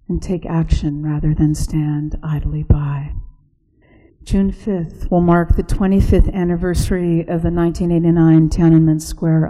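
A woman reads a reflective essay slowly and softly, sometimes sinking into a whisper. Her voice is low and mellow. A long reverb trails after her words, as if she is in a large hall. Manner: slow and hushed, dropping to a whisper. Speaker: narrator.

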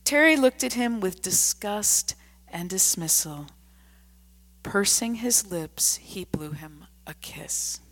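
Woman narrator, unhurried scripted story reading, hushed with frequent whispers. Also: medium pitch, animated. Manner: hushed, often dropping to a whisper.

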